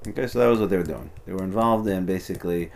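A man's voice: deep voice, rapid-fire, gravelly, darkish tone, slight background noise. A man teaching an informal text study, translating passages and explaining them as he goes, often restarting and adding "you know". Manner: thinks aloud, restarts, many "you know"s. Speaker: Torah teacher.

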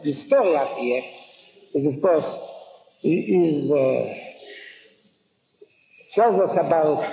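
A man giving a scholarly lecture, halting and restarting phrases and quizzing his listeners, on a dull old recording. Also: on the high side, vocal fry, mellow, roomy sound, in a large hall, slight background noise. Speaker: Talmud lecturer. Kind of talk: lecture with questions to the class.

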